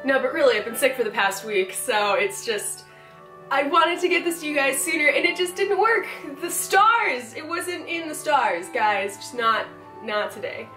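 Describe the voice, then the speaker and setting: A woman's voice: sits high, normal speed, sharp tone. A young woman chatting casually to camera as she opens fan mail, bubbly and gushing, laughing often. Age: young adult. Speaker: cosplay vlogger opening fan mail. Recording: roomy, distant mic, music behind.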